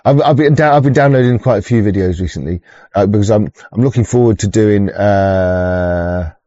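A man's voice: lowish voice, moderate pace, mellow, dry recording, dull audio. A man hosting a rambling, casual livestream chat, swearing often, stumbling over restarts and chuckling as he greets viewers. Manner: sweary, stop-start, chuckling, greets chatters. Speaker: livestream host.

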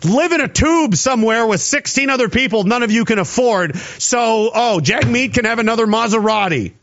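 Heard through dull, lo-fi audio, a Canadian man with a very high-pitched, slightly bright voice rants angrily about politics. He speaks at normal speed with lively intonation, full of sarcasm and mocking voices.

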